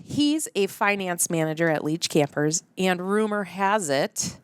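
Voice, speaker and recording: A woman's voice: fairly low pitch, measured pace, clear, resonant tone, no echo. A woman co-hosting a show, casually introducing guests with playful teasing. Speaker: podcast co-host.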